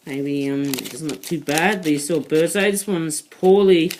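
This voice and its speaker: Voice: medium pitch, unhurried, darkish tone, slight background noise, low-quality recording. A person from the UK with a British accent, reviewing toys in a casual, rambling vlog full of asides. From United Kingdom. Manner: rambling, digressive, with frequent asides. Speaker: toy reviewer.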